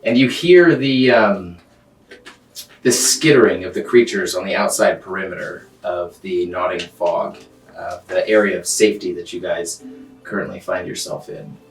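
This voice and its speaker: A man narrating a tabletop game as game master. He describes scenes at length, often pausing on ums and uhs. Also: sits low. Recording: roomy, distant mic, faint music.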